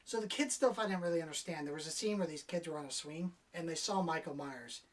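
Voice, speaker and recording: Speaking fast in a low voice, a woman reviews a movie casually and sarcastically, cursing liberally and ridiculing the characters while acting out their lines. The mic is distant.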